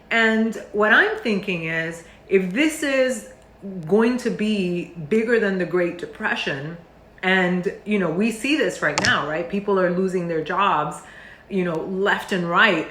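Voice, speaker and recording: A woman's voice: mid-range voice, fairly bright tone. A middle-aged woman, a meditation teacher, speaking earnestly and with feeling, full of fillers and restarts. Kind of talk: heartfelt talk to camera. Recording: roomy echo.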